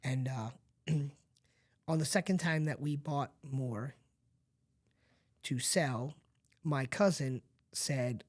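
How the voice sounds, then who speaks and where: A man's voice: mid-range voice, very slow, long pauses. A middle-aged man, a podcast guest, telling a painful personal story in an earnest, confiding way and often checking that the listener is following. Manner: earnest and confiding, talks straight to the listener with frequent asides. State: emotional at times.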